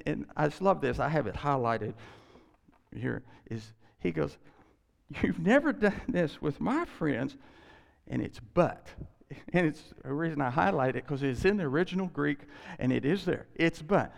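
Pastor, male, mid-sermon; gravelly, lively delivery that acts out the quotes, in a long-reverb church hall. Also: on the high side, unhurried. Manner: animated, acts out quoted lines with laughs. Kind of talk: sermon on scripture.

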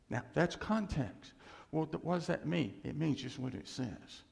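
A male preacher delivering a sermon, swinging from loud emphasis to hushed near-whispers and acting out quoted voices. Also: a little high, lively intonation, normal speed, creaky. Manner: acts out voices of doubters and God in quotes. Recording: long hall reverb.

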